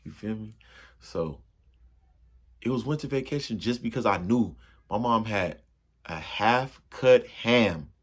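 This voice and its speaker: A man telling a funny personal story to his viewers in a casual, slangy way, acting out the crashes and his own yells. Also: fairly low pitch, slow pace, pauses often. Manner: animated, acts out yells and crashes.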